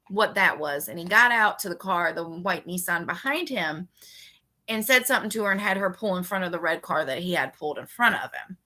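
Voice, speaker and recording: Bright-voiced sarcastic woman ranting. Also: mid-range voice. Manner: sarcastic and animated, fast bursts. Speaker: vlogger. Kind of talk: casual storytelling rant.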